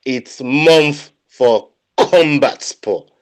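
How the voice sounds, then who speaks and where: A man, a guest in a casual fan chat, animated and full of street slang and swearing. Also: medium pitch, drawn-out words. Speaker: guest YouTuber.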